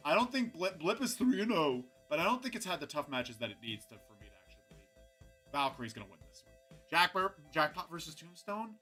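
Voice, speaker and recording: Animated, bright-voiced young man rambling. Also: a little high, fairly quick, slightly rough, soft background music. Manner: rambling, animated, chatty with frequent restarts. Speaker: host of a robot combat recap show. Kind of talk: casual livestream commentary.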